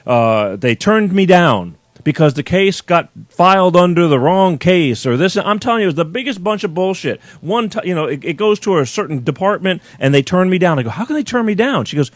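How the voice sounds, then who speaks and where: A man's voice: high voice, animated, brisk, hardly any pauses, no room sound. A man hosting a call-in show, retelling his customer service calls in a blunt, exasperated rant and acting out both sides. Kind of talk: ranting monologue, retelling phone calls.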